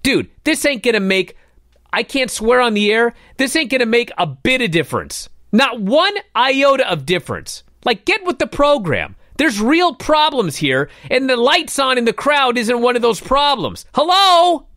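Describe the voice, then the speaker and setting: A man's voice: very high voice, wildly swooping pitch, normal speed, sharp tone, dry recording, clean studio sound. A man hosting a talk radio show, ranting in a fired-up, exasperated way.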